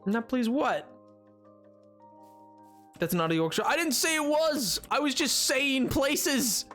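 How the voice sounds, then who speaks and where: A man's voice: very high voice, lively intonation, takes it slowly, a bit bright, soft background music. Playful rambling male streamer. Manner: rambling and playful, reacting to chat with mock pleading. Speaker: livestreamer. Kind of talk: casual chat with live viewers while gaming. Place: home streaming setup. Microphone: desk microphone.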